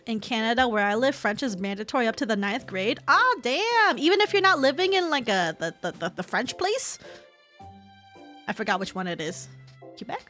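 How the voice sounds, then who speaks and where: A woman's voice: fairly high pitch, sing-song, normal speed, bright, forceful tone, faint music behind. A young adult woman streaming, chatting casually with viewers, rambling, laughing often and swearing casually. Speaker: VTuber streamer. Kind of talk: casual chat with viewers while reading chat.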